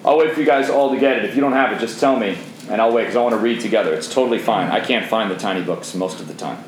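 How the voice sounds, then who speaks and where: A middle-aged man leading a men's Bible study in an intense, zealous way, shifting between soft asides and forceful readings. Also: on the low side, fast talker. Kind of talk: teaching a Bible study to a group of men. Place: roomy room with a seated group. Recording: roomy echo, faint background noise.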